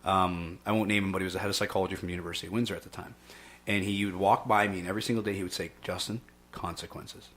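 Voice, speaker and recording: A man with a lowish voice talks fast and with energy. He argues emphatically as a podcast host and keeps dropping in "okay" as he builds his point. The delivery is quick and pushy, more chat than speech. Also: fairly even intonation, a bit bright. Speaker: podcast host and youth fitness instructor. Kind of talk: casual debate chat.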